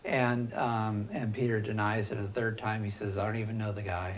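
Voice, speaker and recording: A man teaching a philosophy class, talking loosely and thinking aloud with frequent pauses and fillers. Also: lowish voice, little pitch movement, a little hiss or hum. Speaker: philosophy instructor. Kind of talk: classroom lecture.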